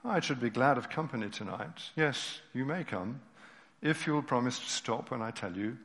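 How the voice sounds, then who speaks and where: A man softly voicing a great, tired lion, speaking slow and low with quiet sorrow. His medium-pitched voice hangs in the long echo of a church hall. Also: lively intonation. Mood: sorrowful. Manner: slow, soft and grave. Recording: reverberant hall.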